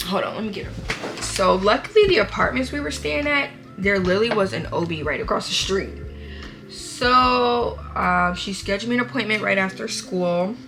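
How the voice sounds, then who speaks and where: A young woman, chatting and laughing through a dramatic story while doing her makeup. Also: mid-range voice. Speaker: vlogger. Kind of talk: get-ready-with-me story time.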